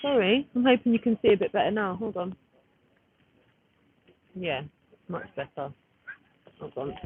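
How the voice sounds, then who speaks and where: A woman's voice: mid-range voice, big pitch swings, a little slow. Chatty woman on a tinny phone stream. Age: 30s. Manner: chatty, rambling, often breaking off to fiddle with the phone. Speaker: livestreamer. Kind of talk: casual live-stream chat. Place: outdoors at a street gathering. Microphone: phone camera. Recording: tinny phone-like audio with faint noise.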